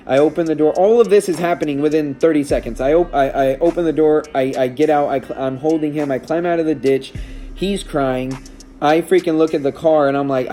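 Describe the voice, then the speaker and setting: A man's voice: a little high, moderate pace, dark tone, soft background music. A man telling a personal story in a casual vlog, shaken and emotional, with many restarts and fillers. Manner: rambling, with frequent restarts and fillers. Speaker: vlogger and stepdad.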